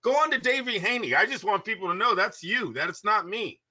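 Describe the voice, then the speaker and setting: A man with a raised, sharp, tense voice talks boxing in heated banter, scolding and laughing between rants. The sound is dull and lo-fi. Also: high voice, a little fast. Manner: excitable and scolding, laughs often. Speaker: boxing podcast co-host. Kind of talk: casual chat. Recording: dull lo-fi audio.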